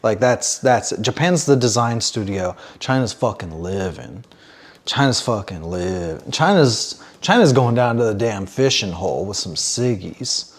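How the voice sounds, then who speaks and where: A man's voice: lowish voice, a little slow. A man co-hosting a comedy podcast, rambling and swearing as he chats casually. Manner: rambling, animated, swears often. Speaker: podcast co-host.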